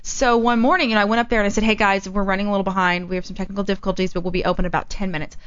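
A woman chatting casually as a guest, telling stories with lively delivery and acting out the people in them. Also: mid-range voice, rapid-fire, smooth, dry recording, muffled recording. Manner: animated, acts out other people's voices. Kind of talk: casual storytelling chat.

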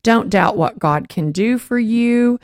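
A woman hosting a Christian talk show, telling a faith story in a lively way and acting out the voices she quotes. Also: a little high, takes it slowly, no room sound, studio quality.

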